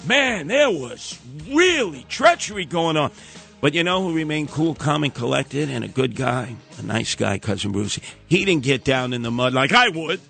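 Bombastic New radio host. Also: male voice, very animated, moderate pace, vocal fry, pushed and bright, soft background music. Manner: bombastic, theatrical, acts out quoted voices with big pitch jumps. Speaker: radio talk show host. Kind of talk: animated radio storytelling.

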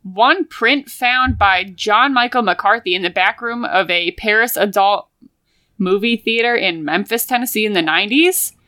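A woman's voice: mid-range voice, moderate pace, no echo. A woman co-hosting a podcast, chatting casually and laughing easily. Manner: giggly, animated. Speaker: podcast co-host.

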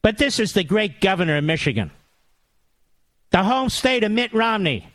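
A man's voice: high voice, big pitch swings, moderate pace, a bit bright, dry recording. A man hosting a talk radio monologue, sarcastic and mocking, with big theatrical swings in tone.

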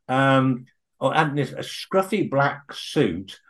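Older male interview guest, very expressive pitch, stumbles and restarts, then warms into animated storytelling. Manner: halting, with many restarts, then eager and animated. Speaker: guest author and researcher.

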